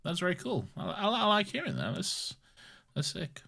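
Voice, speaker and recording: Man with lively banter. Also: high-pitched, moderate pace, vocal fry. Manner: dry, sweary banter, jokes at his own expense. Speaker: podcast co-host. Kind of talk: casual chat.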